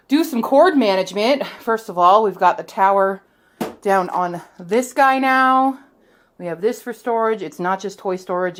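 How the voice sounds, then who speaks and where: A woman chatting casually in a home vlog, playful and talking to her dog as she sets up her room. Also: medium pitch. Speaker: vlogger. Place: at home, in a room being set up. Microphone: camera.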